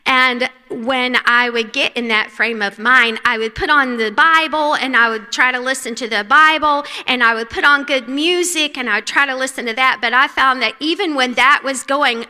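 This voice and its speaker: A woman from North Carolina with a Southern accent speaks earnestly at a women's conference, often sinking to a soft hush. Her voice sits fairly high and sounds bright and clear. The long reverb of a large church hall trails after each phrase. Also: normal speed, hardly any pauses. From North Carolina, USA. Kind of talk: devotional talk.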